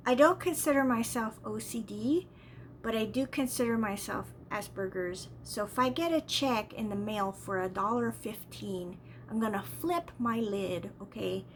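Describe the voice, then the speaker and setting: A woman's voice: fairly high pitch, unhurried, a bit bright, a little hiss or hum. A woman vlogger telling a rambling, exasperated story in a casual way, often repeating herself.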